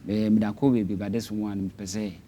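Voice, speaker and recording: A Ghanaian man answering interview questions as a guest educator, speaking haltingly as he searches for words. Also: fairly low pitch, level tone, warm tone, slight background noise.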